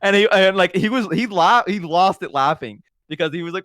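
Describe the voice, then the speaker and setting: A man's voice: sits high, brisk, hardly any pauses, clear, resonant tone, no echo, studio quality. A man chatting casually on a stream, telling stories and acting out the people in them. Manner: animated storytelling, acts out quotes. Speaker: guest streamer.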